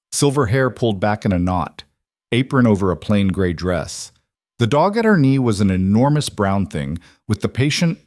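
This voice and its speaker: A man narrating a scripted story in a measured, even storytelling manner, recorded close on a studio mic. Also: deep voice, no room sound.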